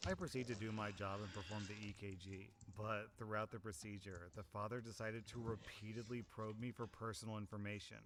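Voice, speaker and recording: A young man reading online stories aloud, adding sarcastic, animated asides between them. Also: on the low side, fairly quick, few pauses. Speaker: Reddit story narrator. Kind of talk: reading online posts with commentary.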